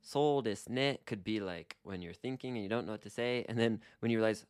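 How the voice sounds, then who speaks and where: Casual male podcast co-host, low voice, relaxed, dry close mic, models phrases slowly. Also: clear, resonant tone, dry recording. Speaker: Japanese language co-host.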